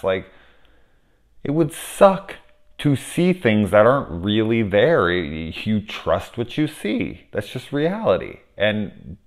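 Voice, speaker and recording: A man casually reviewing a horror film on camera, rambling, swearing freely and gushing with enthusiasm. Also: mid-range voice. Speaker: movie reviewer. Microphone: camera setup at home.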